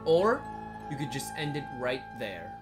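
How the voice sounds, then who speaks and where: This video creator's voice is a rumbling low one with huge pitch swings, delivered at a measured pace. In her casual commentary vlog, set to background music, she's blunt and joking, swears casually and rambles with lots of "likes."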